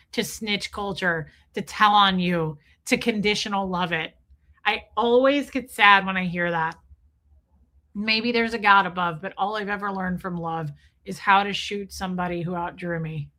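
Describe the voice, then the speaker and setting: Her voice sits in the mid range, bright and forceful, as this woman in her thirties hosts a livestream and chats with the people watching. Chatty and wandering, she reads their comments out, drops the occasional swear word and imitates movie lines.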